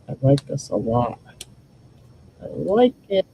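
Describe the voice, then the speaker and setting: A woman's voice: deep voice, sing-song, takes it slowly, creaky, pauses often, highs cut off, slight background noise. A woman hosting a casual crafting demo, thinking aloud and chatting to her viewers while she works. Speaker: crafting channel host.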